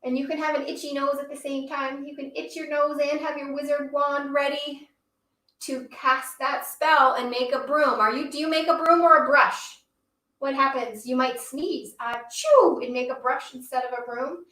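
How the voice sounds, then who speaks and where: A woman's voice: high voice, steady tone, normal speed, bright, forceful tone, roomy sound, far from the mic. A woman teaching yoga to children. She reads a rhyming story aloud and leads the poses in an upbeat, encouraging, sing-song way.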